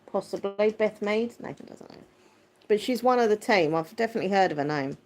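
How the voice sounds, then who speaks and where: A woman hosting a casual livestream, chatting and answering viewer comments. Her voice is squeaky yet deep, and her manner is chatty and quick to laugh. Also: lively intonation, darkish tone. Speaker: livestream host. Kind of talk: casual live chat, reading viewer comments.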